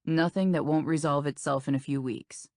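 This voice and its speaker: A woman reading an audiobook, voicing a calm, reassuring male doctor in a soothing, matter-of-fact way. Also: on the high side, moderate pace, no room sound, clean studio sound, close to an everyday voice.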